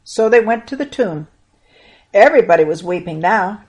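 A woman reading a Bible story aloud to children in an earnest, expressive way. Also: mid-range voice, normal speed, muffled recording.

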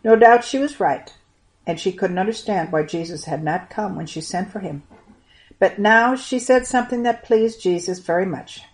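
A woman telling a Bible story to children, earnest and expressive, lingering on the moving parts. Her voice sits somewhat low for a woman.

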